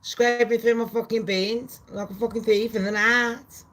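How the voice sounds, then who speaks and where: A woman giving swearing, animated gossip commentary on her channel. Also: a little high, normal speed. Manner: animated, swearing, laughing asides. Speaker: commentary vlogger.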